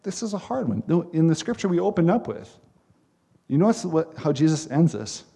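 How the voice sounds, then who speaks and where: A man's voice: fairly high pitch, big pitch swings, fairly quick, vocal fry, dark tone, slightly rough. A man preaching a sermon as pastor, earnest and emphatic, with repeated phrases.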